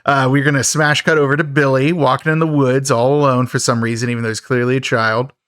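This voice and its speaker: A man's voice: mid-range voice, little pitch movement, quick pace, a bit bright. A man with a middle-range voice recaps a cheesy horror film in a loose podcast chat. He jokes, chuckles, and pokes fun at the props. The sound is dry and close, with no room echo. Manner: jokey, laughing often. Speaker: podcast co-host. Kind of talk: casual movie recap chat.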